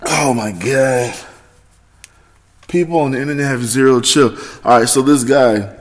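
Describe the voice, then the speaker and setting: A man hosting his own podcast, talking in a rambling, profane monologue that swings between loud excitement and low mutters. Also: measured pace. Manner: rambling, heavy swearing, self-correcting. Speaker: podcast host. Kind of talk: casual solo monologue.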